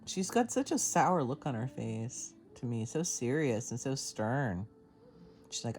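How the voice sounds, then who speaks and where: A woman giving a casual tarot reading to camera, chatty and excitable, laughing often and swearing casually. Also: a bass voice, measured pace, slight background noise. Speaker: tarot reader.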